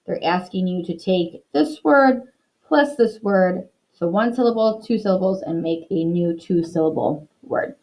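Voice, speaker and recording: A young woman teaching a reading lesson to young children in an upbeat, encouraging way, slowing down to model words clearly. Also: fairly low pitch, a little mellow, low-quality recording.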